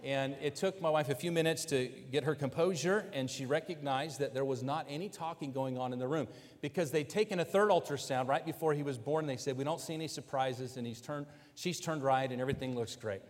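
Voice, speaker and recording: A man with a slightly raised voice tells a personal family story, animated and full of quoted exchanges. His voice rings through a large hall with a long, trailing reverb. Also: on the high side, fairly quick. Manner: animated, quotes others in lively asides. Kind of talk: personal story told to an audience.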